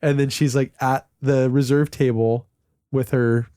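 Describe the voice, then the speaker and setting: A man in his late thirties tells casual stories on a podcast, wandering and loose, peppered with fillers and the odd curse. His voice is dark and mellow. The recording is dry and close. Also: medium pitch, level tone, measured pace, smooth, no room sound. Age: late 30s. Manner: rambling with many "like" fillers, swearing. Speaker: podcast co-host. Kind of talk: casual storytelling chat.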